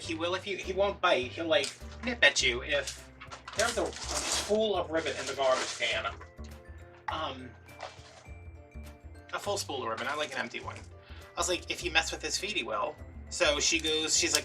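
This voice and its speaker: A man casually telling a story while crafting at home, animated and chatty, acting out the other people in it. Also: on the high side, moderate pace, recorded from a distance, music in the background. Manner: chatty, animated retelling with quoted dialogue. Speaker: vlogger.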